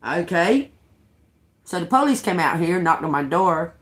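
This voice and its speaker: A woman's voice: on the low side, measured pace. Heated, profane woman ranting. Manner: profane, heated, animated retelling. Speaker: tarot reader on a live stream. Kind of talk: casual storytelling rant.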